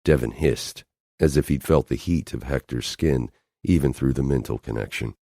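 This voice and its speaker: A man's voice: a bass voice, moderate pace, creaky, warm tone, no room sound. A man narrating a romance audiobook in an intense, dramatic way on a close studio mic. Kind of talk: scripted narration.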